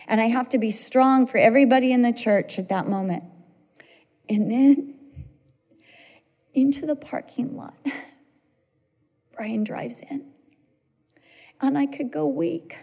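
A woman's voice: mid-range voice, darkish tone. A middle-aged woman preaching a sermon, telling personal stories in a conversational, emotional way. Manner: storytelling, conversational, emotional swings. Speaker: pastor's wife preaching. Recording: long hall reverb.

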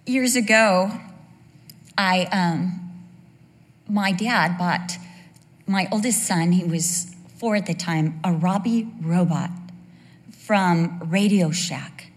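A woman's voice: on the low side, slow, long pauses. A woman, a pastor's wife, giving a candid and humorous church talk full of personal asides. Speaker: pastor's wife speaking to a congregation. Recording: long hall reverb.

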